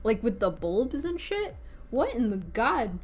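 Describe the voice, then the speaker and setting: A woman streamer in casual livestream chat, chatty and excitable, talking while eating. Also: a little high, a little slow. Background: faint background music.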